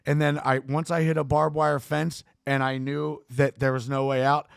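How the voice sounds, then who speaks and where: A man telling a long story as a podcast guest, rambling, swearing and animated. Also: a little high, moderate pace, vocal fry, smooth, no echo, clean studio sound. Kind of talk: storytelling in casual talk.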